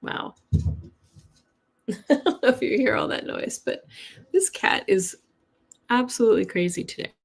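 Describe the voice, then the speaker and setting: A woman's voice: on the high side, lively intonation, a little slow, gravelly, pauses often, breathy edge. A woman hosting a live-streamed weekly tarot reading from home, chatting casually, laughing often and greeting viewers by name. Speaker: tarot reader. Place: home with a cat nearby.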